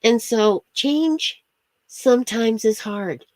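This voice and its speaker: A woman's voice: fairly high pitch, expressive, takes it slowly, darkish tone, no room sound. A woman chatting casually on a livestream, rambling from story to story, laughing often and greeting viewers by name. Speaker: astrology streamer.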